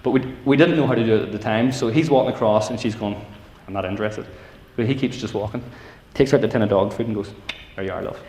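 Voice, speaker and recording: A man's voice: mid-range voice, fast, few pauses, background noise. A middle-aged Northern Irish man telling funny stories to teenagers, acting out voices and asides. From Northern Ireland. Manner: storytelling with acted-out voices and asides. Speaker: youth speaker. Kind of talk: humorous talk to teenagers. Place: large civic hall. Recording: echoey hall from far off.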